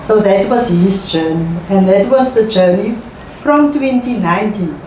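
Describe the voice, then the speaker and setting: A woman's voice: mid-range voice, lively intonation, darkish tone. Woman telling a personal story. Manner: halting, emotional, repeats phrases. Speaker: interview guest. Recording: echoey room, voice far from mic, faint noise.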